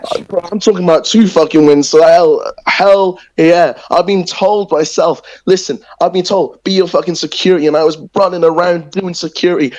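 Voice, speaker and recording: A man's voice: sits high, fairly even intonation, normal speed, hardly any pauses, a little mellow, poor audio. A man cutting an aggressive, profanity-heavy wrestling promo in character over voice chat. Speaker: wrestler in online league press conference. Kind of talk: in-character trash-talk promo.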